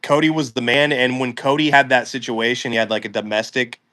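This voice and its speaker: A man with a medium-pitched voice, co-hosting a casual talk show. He gives his opinions freely and reads viewer questions from the chat aloud. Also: fairly even intonation, fairly quick, a crowd in the background. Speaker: co-host.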